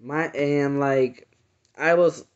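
A man earnestly recounting a dream in casual, halting speech full of fillers and restarts. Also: a little high, fairly even intonation. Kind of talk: casual personal storytelling. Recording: dull lo-fi sound.

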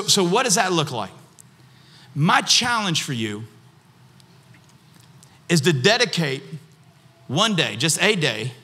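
High, sharp-voiced male pastor preaching. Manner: personal storytelling, repeats phrases for emphasis. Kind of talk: sermon.

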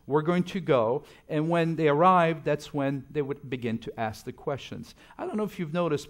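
Middle-aged male preacher, church sermon, storytelling delivery with big swings in volume. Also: medium pitch. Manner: storytelling, swings between loud emphasis and soft asides. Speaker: pastor.

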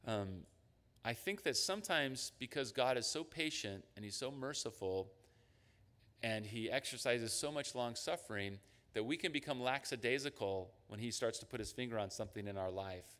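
A man preaching a sermon as a pastor. He talks in an animated way and acts out the voices of God and his listeners. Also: medium pitch, in a large hall. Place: church sanctuary.

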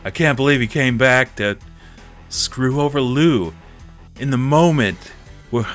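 A man's voice: mid-range voice, lively intonation, takes it slowly, a bit bright, faint music behind. A man streaming a wrestling game, playing a theatrical announcer who talks to viewers as folks and acts emotional. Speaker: gameplay streamer. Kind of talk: mock wrestling announcer commentary over gameplay.

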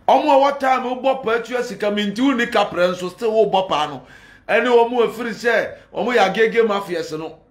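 A man's voice: high voice, normal speed. A man with a Ghanaian accent, a pastor speaking in a fiery, defiant and combative way as he answers his critics. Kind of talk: heated address to critics. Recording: echoey room.

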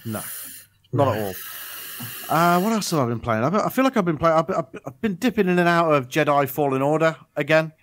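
A man's voice: on the high side, expressive, brisk, fairly bright tone, a little hiss or hum. A man co-hosting a gaming podcast, chatting casually and rambling with lots of restarts and ums. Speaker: podcast co-host. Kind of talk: casual chat.

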